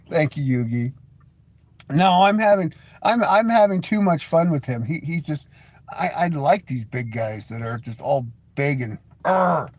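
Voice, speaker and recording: A man's voice: a little high, expressive, slow pace, pauses often. A man hosting his own live stream, chatting casually with viewers and reading the chat, teasing mockingly, laughing often and stumbling over repeated words. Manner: mocking, sarcastic teasing with frequent stammered restarts.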